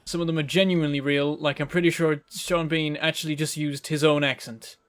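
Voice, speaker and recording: A man from northern England with a softened northern English accent, rambling and chatty as he streams a game. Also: on the high side, little pitch movement, fairly quick. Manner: rambling, chatty, self-correcting. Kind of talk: casual live-stream game commentary.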